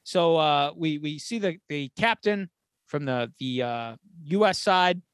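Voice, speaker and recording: Animated man retelling a movie plot. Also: fairly high pitch, a little slow, clean tone, no room sound, clean studio sound. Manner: animated storyteller acting out quotes with swearing. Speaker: podcast co-host. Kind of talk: casual retelling of a film plot.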